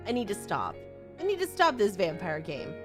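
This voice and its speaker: A woman streamer chatting excitedly with her audience. She gushes, laughs often, and repeats herself. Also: medium pitch, normal speed, over music. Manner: gushing and animated, with frequent laughs and repetition. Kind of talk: excitable casual stream chat.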